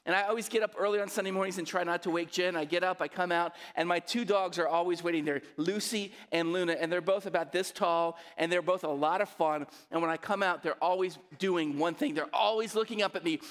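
A male pastor with a somewhat high voice delivers a sermon in an easy, conversational way. He often prompts the congregation to answer him. His voice rings out with a long reverb through a large church hall. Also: steady tone, brisk, few pauses, a bit bright. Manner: conversational, asks the congregation to respond.

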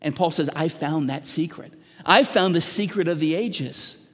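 Give me a middle-aged man preaching a sermon in earnest, questioning tones, restarting words as he pushes his point. His voice sits a bit high for a man, and it rings out with a long reverb through a large church hall. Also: moderate pace. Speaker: pastor.

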